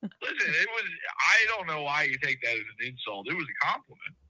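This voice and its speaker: A man's voice: fairly high pitch, very animated, a little fast, sharp tone, no room sound, low-quality recording. A man calling into a talk show, rambling in a casual way and full of compliments. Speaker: caller. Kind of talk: casual chat.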